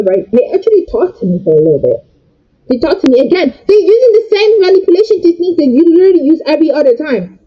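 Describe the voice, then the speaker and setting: Young woman vlogger, breathy, agitated storytime rant, dull lo-fi audio. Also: on the high side. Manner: agitated, jumping between loud outbursts and quieter asides.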